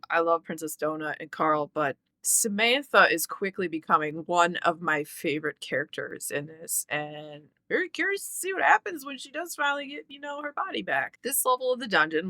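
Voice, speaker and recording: A woman's voice: on the low side, sharp tone, dry recording, clean studio sound. A woman talking through a fantasy book in a casual, rambling way, with lots of fillers. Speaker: book reviewer.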